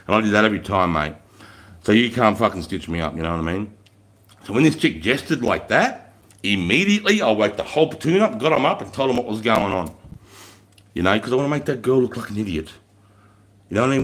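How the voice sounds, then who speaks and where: An Australian man in his thirties, mid-pitched, tells army stories bluntly and keeps swearing. His delivery is animated and casual, like chatting on a live stream. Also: quick pace. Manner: blunt, heavily profane, animated storyteller. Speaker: former army recruit instructor.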